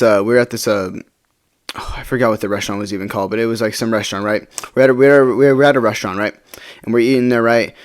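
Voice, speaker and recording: Young guy rambling thru a storytime, talks real fast, keeps saying right. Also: medium pitch. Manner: rambling, many fillers like "right?". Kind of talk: casual storytime vlog.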